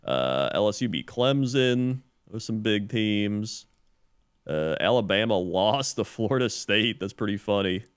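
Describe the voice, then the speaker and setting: A man with a lowish, smooth voice co-hosts a casual podcast. He reads out items in an easygoing, hesitant way full of "uh"s, with a dry close sound. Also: animated, measured pace, no echo. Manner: easygoing, hesitant, many "uh"s while looking things up. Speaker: podcast co-host. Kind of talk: casual chat, mock news segments.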